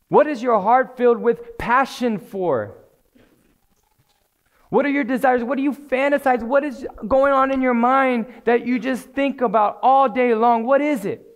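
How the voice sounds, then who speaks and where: Earnest high-pitched male preacher. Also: unhurried. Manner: earnest, repeats phrases and asks pointed questions. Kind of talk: sermon.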